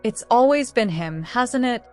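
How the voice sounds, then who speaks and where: A woman voicing a gentle, protective young man in an audiobook, speaking softly with a slightly lifted tone. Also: fairly high pitch, lively intonation, unhurried, soft background music, pitched above the performer's own voice. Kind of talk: audiobook narration.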